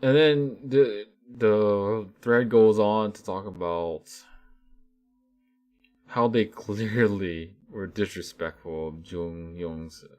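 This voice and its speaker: A man's voice: fairly low pitch, takes it slowly, darkish tone. A man vlogger giving casual, rambling commentary with many restarts and fillers.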